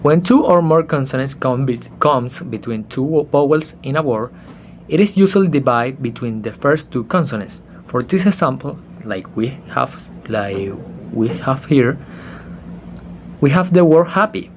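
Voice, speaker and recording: A young man whose first language is Spanish, giving a halting class presentation, stopping to spell out letters and correct himself. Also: mid-range voice, expressive, slight background noise. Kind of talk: slow explanatory class presentation.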